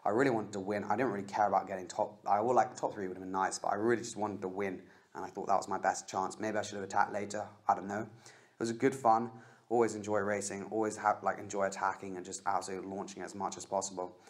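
A young Australian man rambling in a casual voice-over over his own race footage, excitable and full of fillers. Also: lowish voice, fast talker. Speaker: cycling vlogger.

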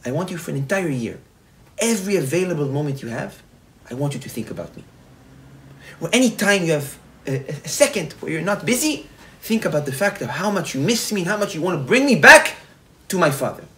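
A man's voice: a little high, sing-song, a little fast, pushed and bright, a little hiss or hum, low-quality recording. A man voicing a lost princess in a told story, earnest and instructing. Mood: pleading. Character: lost princess, young woman, pleading.

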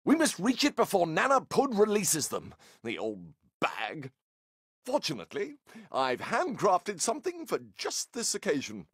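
A voice actor playing a grandiose, eccentric young male inventor with a breathy, theatrical delivery. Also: medium pitch, huge pitch swings, normal speed, no room sound, studio quality, heavily acted. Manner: theatrical, pompous, wildly swooping delivery. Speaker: game character. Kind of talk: video game voice acting.

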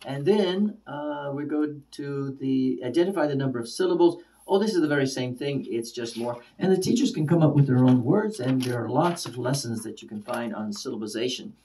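Mellow-voiced male teacher, slightly distant. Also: mid-range voice. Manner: repeats example words slowly with varied stress. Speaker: ESL teacher. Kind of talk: spoken lesson for teachers.

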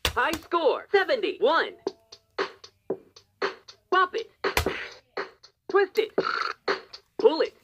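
A woman's voice: high-pitched, wildly swooping pitch, drawn-out words, long pauses, over music, exaggerated voice. A woman voicing a talking toy game announcer that calls out short commands and scores. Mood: announcing.

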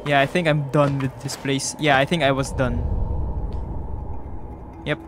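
Guy rambling over his gameplay, kinda slow, keeps getting distracted, game music loud behind. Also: fairly high pitch. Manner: rambling, easily distracted, laughing asides. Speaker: gamer. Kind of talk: casual let's-play commentary.

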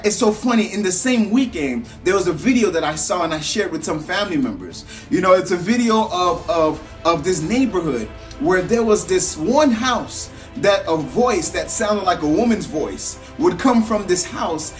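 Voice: mid-range voice, lively intonation, normal speed, few pauses, soft background music. A parent giving an earnest motivational talk, repeating phrases with a preaching cadence and telling a story to make a point. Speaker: motivational speaker.

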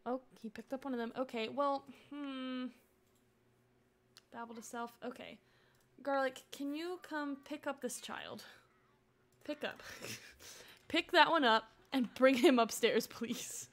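A woman's voice: high-pitched, slow pace, long pauses. A young woman streaming a life-sim game, chatting and coaxing her characters along with frequent laughs. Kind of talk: casual gameplay commentary.

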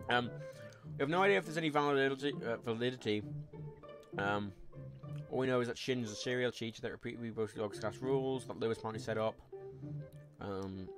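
A man streaming live gameplay, rambling frankly and swearing as he reads chat and plays. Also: medium pitch. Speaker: livestreamer.

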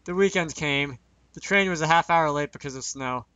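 Bright-voiced man reading a visual novel. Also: fairly high pitch, normal speed, no room sound, muffled recording. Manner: reads aloud with joking asides.

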